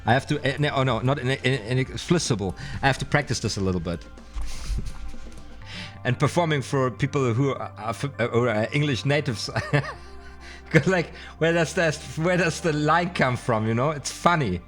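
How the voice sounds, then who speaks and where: A man's voice: mid-range voice, a bit bright, soft background music. A man with a German accent, a non-native English speaker, teaching card magic in a casual live stream, reading aloud and sounding out words with many fillers. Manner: chatty and playful, hesitant with fillers, sounds out words slowly.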